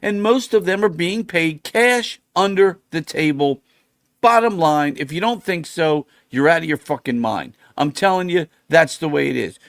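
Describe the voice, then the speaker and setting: A man's voice: fairly high pitch, animated, normal speed, a bit bright, no echo, studio quality. A middle-aged man hosting a podcast, ranting bluntly and profanely in a casual way, repeating himself as he goes. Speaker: podcast host. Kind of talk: casual political rant.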